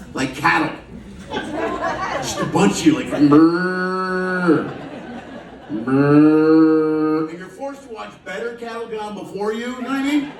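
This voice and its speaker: A high-voiced man performs stand-up in a cruise ship show lounge, loose and profane as he teases the audience between jokes. Recorded in an echoey room on a distant mic, there's slight background noise and audience laughter.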